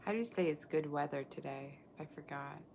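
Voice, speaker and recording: A tarot reader gives a live reading, chatting and rambling as she answers viewers' comments. Her voice is low with a gravelly edge and a little mellow, she speaks fairly quickly, and there is a little hiss or hum.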